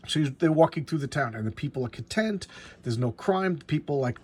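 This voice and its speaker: A man reviewing a comic book in casual talk, halting and repeating words as he enthusiastically walks through the story. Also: on the high side, expressive, darkish tone, breathy edge.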